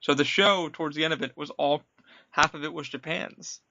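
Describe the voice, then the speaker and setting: A man's voice: fairly high pitch, moderate pace, lo-fi sound. A man hosting a podcast, chatting casually and telling stories with acted-out quotes. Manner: animated storyteller acting out quotes. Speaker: podcast host, former attraction worker. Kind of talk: casual chat, storytelling.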